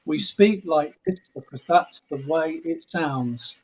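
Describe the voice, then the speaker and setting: A man's voice: on the high side, slow pace, a little mellow, slightly rough, muffled recording. An English man, a composer, talking reflectively in an interview, often restarting and repeating words as he thinks. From England. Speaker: composer guest. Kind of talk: thoughtful conversational interview.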